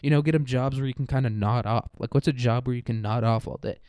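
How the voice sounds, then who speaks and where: A man's voice: medium pitch, quick pace, a little mellow, smooth, no echo. A man rambling through a crude, profane comedic monologue, full of "like" and "dude". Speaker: podcast host.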